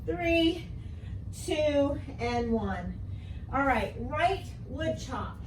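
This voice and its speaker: Woman fitness coach, high voice, calm unhurried delivery, roomy basement sound with faint background hum. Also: recorded from a distance. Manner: encouraging, counts down and cheers. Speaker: fitness instructor. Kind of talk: coaching a workout class. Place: basement at home. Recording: roomy echo, voice a bit off-mic.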